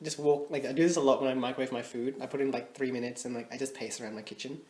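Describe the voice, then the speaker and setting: Racing through his words at a medium pitch, a young podcast co-host spins comic stories, laughing often and performing the dialogue he quotes. There's crowd noise, and the room is echoey with faint noise.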